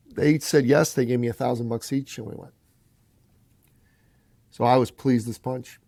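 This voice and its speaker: Man, podcast guest, motivational storytelling, emphatic, challenging, mid pitch, gravelly. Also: steady tone, normal speed, pauses often, dark tone, dry recording. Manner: emphatic, punchy, preachy, challenges the listener.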